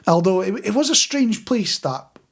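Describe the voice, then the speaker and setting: A man's voice: sits high, animated, moderate pace, vocal fry, slightly rough. Chatty man, storytelling podcast host. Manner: chatty storyteller, frequent restarts and chuckles. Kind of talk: casual chat.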